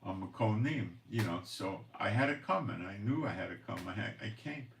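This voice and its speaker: A man from Israel hosts his own channel as a prophecy commentator, rambling through an exasperated monologue from his home in the Galilee, complaining and sighing as he goes. His voice is on the low side, expressive, a little fast and gravelly. He sits off-mic at a distance, and the room echoes.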